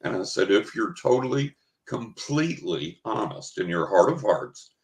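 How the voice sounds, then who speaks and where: A man's voice: on the low side, sing-song, moderate pace. An older man, a psychic guest in an interview, telling an anecdote casually and acting out the quoted dialogue. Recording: roomy echo.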